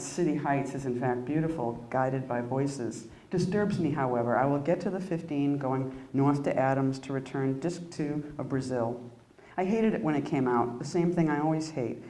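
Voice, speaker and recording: A woman poet giving a live reading of her own poems, with halting, self-deprecating asides between them. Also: very deep voice, mellow. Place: indoor reading room at an arts center. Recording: echoey room.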